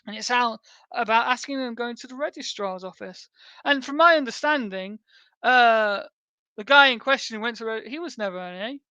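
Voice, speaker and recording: A British man talks through a sweary, meandering rebuttal on his stream, often breaking into laughter. His voice is bright and crisp. The recording is close and dry. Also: extremely high pitch, moderate pace, no room sound, lo-fi sound. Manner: profane, rambling, laughs often. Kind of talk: casual livestream rebuttal.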